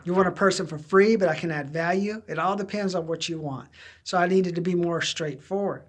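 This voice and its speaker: A man's voice: high voice, a little fast. A middle-aged man from Southern California, telling candid, rambling stories about his own past as job-search advice. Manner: rambling, candid, drifting into quoted voices. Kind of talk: casual personal storytelling.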